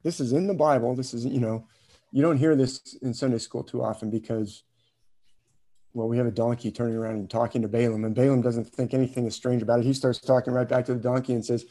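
A man's voice: medium pitch, fairly even intonation, fast, mellow. A man teaching a class, retelling a story casually with fillers and questions to students. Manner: storytelling, asks questions, chuckles, hesitant fillers. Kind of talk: informal class lecture.

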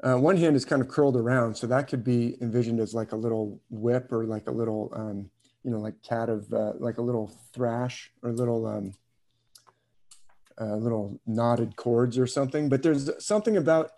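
A man's voice: mid-range voice, moderate pace, dark tone. A man teaching a class, retelling a story casually with fillers and questions to students. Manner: storytelling, asks questions, chuckles, hesitant fillers. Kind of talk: informal class lecture.

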